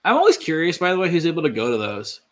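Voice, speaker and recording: A man co-hosting a podcast, chatting casually and riffing in an animated way. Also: fairly high pitch. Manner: animated, quick riffing, lots of fillers. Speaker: podcast co-host. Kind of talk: casual chat.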